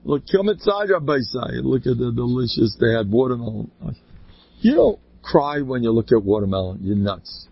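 Husky male speaker, informal Torah talk, jokey, pitch jumping all over; dull, dry lo-fi recording. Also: moderate pace. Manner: animated, joking, big pitch swings; sprinkles Yiddish and Hebrew words. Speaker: religious speaker.

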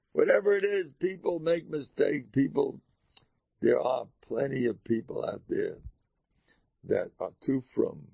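Gravelly-voiced rabbi giving an animated talk. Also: male voice, a little high, no echo, muffled recording. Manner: animated, shifts between soft asides and loud exclamations. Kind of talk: informal Torah talk.

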